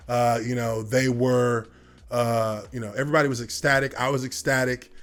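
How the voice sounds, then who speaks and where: A man in his thirties telling a personal story in casual talk, relaxed and rambling with lots of fillers. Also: mid-range voice, normal speed. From United States. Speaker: former football player telling his story.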